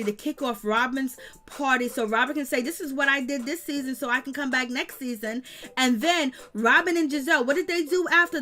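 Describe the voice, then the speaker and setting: Blunt, high-voiced woman recapping drama. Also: fairly bright tone. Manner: blunt, slangy, scolding. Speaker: reality TV recap commentator. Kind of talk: casual commentary.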